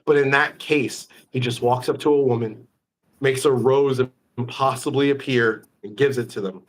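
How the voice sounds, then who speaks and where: A man hosting a casual live-stream interview, an animated storyteller full of quick asides. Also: mid-range voice. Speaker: magician, host.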